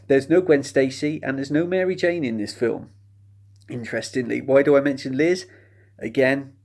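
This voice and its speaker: A man's voice: medium pitch, darkish tone. A man giving a casual, chatty spoken film review, sardonic and mocking the plot.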